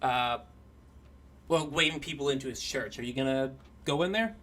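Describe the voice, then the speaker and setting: Bright-voiced man running a tabletop game. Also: mid-range voice, normal speed. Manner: loose, laughing, with fillers and shouted bits for figures. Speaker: game master.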